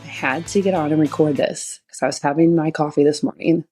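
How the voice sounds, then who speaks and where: A woman's voice: sits low, steady tone, a little fast, mellow, soft background music. A woman hosting her own podcast, telling a rambling story with laughs and acted-out quotes. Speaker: podcast host and chiropractor. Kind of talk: casual solo podcast monologue.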